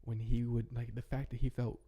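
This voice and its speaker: A man's voice: mid-range voice, flat delivery, fairly quick, warm tone. A young man talking in a rambling, heartfelt way, chatting casually as a podcast host. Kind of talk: casual reflective chat.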